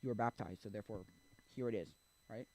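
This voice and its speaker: Speaking quickly in a fairly low voice with no room sound, a streamer rambles casually on the subject of faith. Fillers abound as he breaks off and restarts sentences, and his delivery lifts suddenly and grows animated whenever he acts out a quote.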